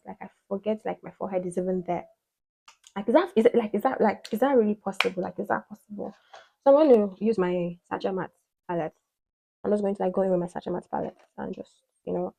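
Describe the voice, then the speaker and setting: A woman's voice: medium pitch, creaky, dark tone, slightly rough, poor audio. A woman beauty vlogger chatting casually while doing her makeup, rambling with lots of "like" fillers and playful asides.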